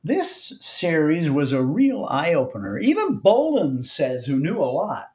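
A man who is a regular political columnist guest on a radio show, telling stories with wry asides. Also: high voice. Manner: animated storyteller, wry asides. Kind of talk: radio commentary.

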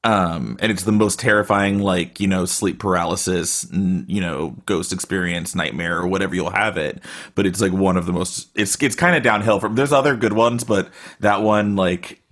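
A man's voice: deep voice, normal speed, fairly bright tone. A man telling a story casually over a video call, rambling with lots of filler words. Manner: rambling, filler-heavy, frequent "like". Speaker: guest storyteller.

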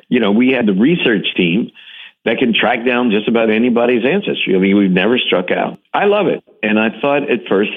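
A man's voice: on the low side, breathy edge. A man being interviewed who tells his stories with enthusiasm and emphasis and often restarts his sentences. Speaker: interview guest, TV series host. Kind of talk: animated storytelling in an interview. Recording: phone-like narrow radio line.

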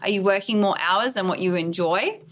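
Brief: woman guest on an interview podcast, earnest and emphatic, medium pitch. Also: brisk, a bit bright. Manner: earnest, emphatic, list-like delivery. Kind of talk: candid interview conversation.

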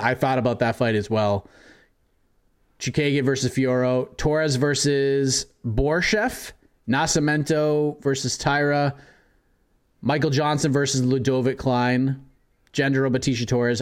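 Co-host, male, mid-pitched, easygoing list reader who comments between picks. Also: fairly even intonation, unhurried. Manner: reads lists of matchups, chuckles often. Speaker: podcast co-host. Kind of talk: casual chat reading listener picks.

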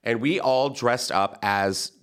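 A man hosting a podcast, telling a funny story in a casual, camp, animated way and laughing at his own jokes. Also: mid-range voice, slow pace, clean tone. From San Antonio, Texas. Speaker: podcast host.

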